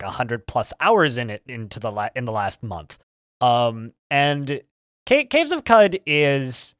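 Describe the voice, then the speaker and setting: A man's voice: mid-range voice, fairly bright tone, smooth, no room sound, clean studio sound. A man co-hosting a podcast, chatting casually and enthusiastically about video games, rambling with frequent stammered restarts. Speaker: podcast co-host.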